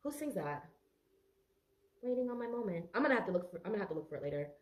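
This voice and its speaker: A woman's voice: fairly low pitch, very animated, racing, reverberant. A woman giving a casual tarot reading, chatty and emotional, talking straight to her viewers and swearing now and then. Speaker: tarot reader.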